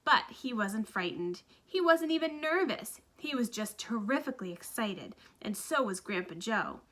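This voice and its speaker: Woman storybook reader, lively, bright-voiced, a touch high. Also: moderate pace. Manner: lively, expressive. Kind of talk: children's book read-aloud narration.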